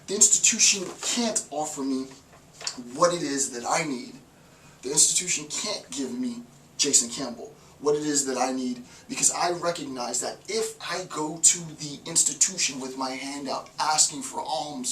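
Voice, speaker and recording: A male professor giving an emphatic, animated philosophy lecture, repeating lines for effect. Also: a little high, normal speed. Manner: emphatic, repetitive, animated, with laughs. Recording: roomy, distant mic, faint noise.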